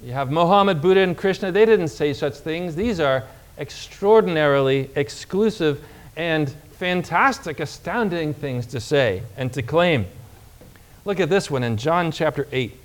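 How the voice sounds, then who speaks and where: A man preaching a sermon, reading scripture aloud with emphasis, slowing down on key words and asking the congregation questions. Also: a little high, animated.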